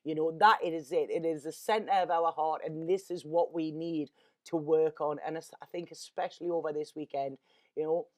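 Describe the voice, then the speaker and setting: A woman's voice: deep voice, fairly even intonation, normal speed, darkish tone. A woman, a tarot reader talking in an earnest, rambling, emotional way and often repeating her words. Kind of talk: casual spiritual monologue.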